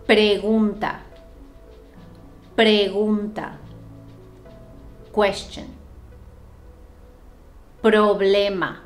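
A young woman giving a language lesson, saying each word twice with clear, careful enunciation before its English meaning. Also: mid-range voice. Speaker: Spanish teacher.

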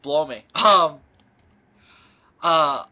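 Excitable young man with a higher voice. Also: extremely slow. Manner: excitable, profane, lots of fillers. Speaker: podcast co-host. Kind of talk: casual chat. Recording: dull lo-fi podcast audio.

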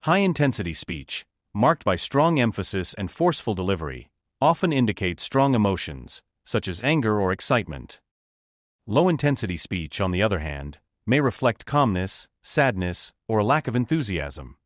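A man reading a nonfiction audiobook as narrator, in a measured, instructive way. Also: lowish voice, sing-song, no room sound, clean studio sound.

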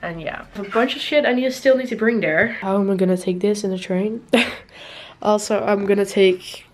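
Speaking at a normal pace in a mid-range voice, a young woman chats casually to her camera for a vlog. She's talkative and self-deprecating, breaking into frequent giggles.

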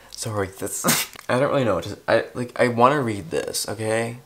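A man's voice: medium pitch, normal speed, vocal fry, fairly bright tone, slight background noise. A man vlogging in a rambling, self-deprecating casual chat, cursing freely as he goes. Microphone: clip-on or desk mic.

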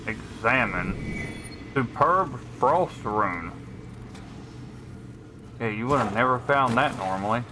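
A man's voice: medium pitch, animated, slow, pauses often, noisy background. A man casually commentating his gameplay, thinking aloud in a laid-back way. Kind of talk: casual let's-play commentary.

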